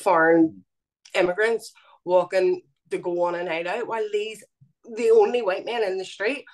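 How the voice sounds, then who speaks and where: A woman's voice: mid-range voice, fairly even intonation. A woman with a Belfast accent, speaking earnestly as an interview guest and often stopping to restart her sentences. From Northern Ireland. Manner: earnest, halting with fillers and restarts. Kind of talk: interview conversation.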